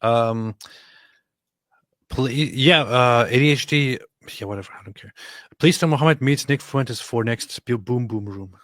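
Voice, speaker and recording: A man's voice: mid-range voice, unhurried, a bit bright, no echo, clean studio sound. A man hosting a casual livestream, reading viewer messages and rambling with many fillers and restarts. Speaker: livestream host. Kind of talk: casual livestream chat reading super chats.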